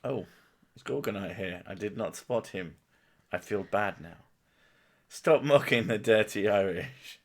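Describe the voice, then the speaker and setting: A man's voice: lowish voice, a little slow. A young man hosting a stream, chatting casually with a co-host in jokey, sweary banter and laughing often.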